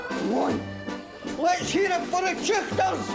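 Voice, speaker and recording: A man's voice: very high voice, a little slow, vocal fry, exaggerated voice. A man playing an overeager drunk who fawns over Scots in a gushing, overfamiliar way. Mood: rousing. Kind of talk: sitcom acting. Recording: sitcom audio over loud music and crowd.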